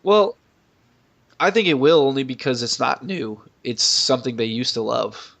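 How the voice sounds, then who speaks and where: Gravelly-voiced man chatting casually. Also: mid-range voice, lively intonation, normal speed, a bit bright. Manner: chatty, talks up food in eager detail. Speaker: podcast co-host. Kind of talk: casual chat.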